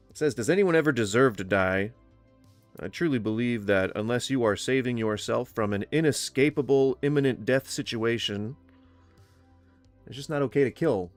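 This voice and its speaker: A man from Florida hosting a casual livestream, rambling with fillers and restarts, blunt and quick to swear. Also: medium pitch, no room sound. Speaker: livestream host. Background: faint music.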